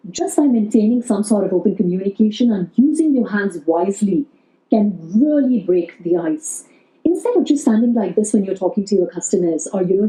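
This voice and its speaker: Warm-voiced woman coaching customer service. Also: medium pitch, roomy sound, rough recording. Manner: earnest, coaching, demonstrates phrases in a friendly service tone. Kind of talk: instructional video talk.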